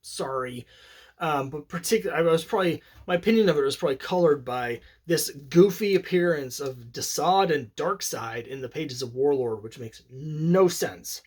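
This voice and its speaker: A man's voice: fairly high pitch, animated, normal speed, darkish tone, slightly rough. A man casually talking through his comic collection, rambling and opinionated, with many fillers and restarts. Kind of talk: casual solo commentary.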